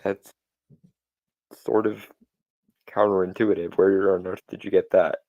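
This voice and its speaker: A man with a lowish voice chatting on a podcast. His tone is sardonic, and he drops in playful mock threats. The sound is dry and close to the mic. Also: level tone, unhurried, no room sound, lo-fi sound. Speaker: podcast co-host. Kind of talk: casual chat.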